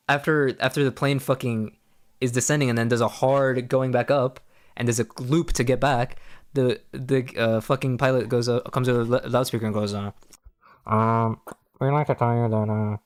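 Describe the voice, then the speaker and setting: A man's voice: mid-range voice, steady tone, moderate pace, clear, resonant tone. A young man streaming casual political commentary, rambling, swearing freely and cutting himself off mid-sentence. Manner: profane, rambling, self-interrupting.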